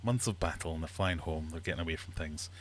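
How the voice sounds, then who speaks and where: A man hosting a casual livestream from his fish room, chatty and quick to laugh while telling jokes. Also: very deep voice, slight background noise. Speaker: livestream host.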